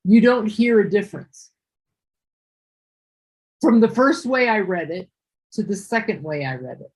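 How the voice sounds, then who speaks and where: Woman, English teacher, patient explaining, breathy tone. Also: mid-range voice, a little mellow, poor audio. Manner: patient, explains slowly with repeats and restarts. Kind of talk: one-on-one online ESL lesson.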